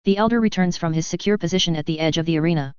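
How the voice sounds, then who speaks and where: A woman reading a fantasy novel aloud in first person, with even, measured storytelling. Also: lowish voice, clear, resonant tone, no room sound. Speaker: audiobook narrator. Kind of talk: scripted first-person narration. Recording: slightly dull, dry audio.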